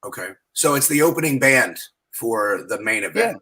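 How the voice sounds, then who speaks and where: A man's voice: mid-range voice, lively intonation, normal speed, pushed and bright, breathy edge, poor audio. A man on a live chat show who chips in with short, joking questions and interjections. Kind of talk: casual chat over a call.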